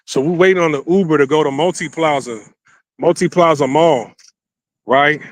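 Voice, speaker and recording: A man telling a dating story in a casual, slangy, animated way, filming himself on a handheld phone while walking around a city. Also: on the high side, moderate pace. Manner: animated, slangy, acts out quotes. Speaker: vlogger. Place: outdoors in a city. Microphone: handheld phone camera.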